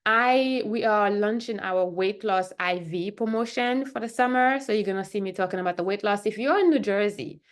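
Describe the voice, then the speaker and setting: Woman doctor with a middle-pitched voice, talking casually to the camera in a chatty way and checking in with the listener. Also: normal speed, hardly any pauses. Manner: chatty, keeps asking "right?" and "okay?". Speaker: functional medicine doctor.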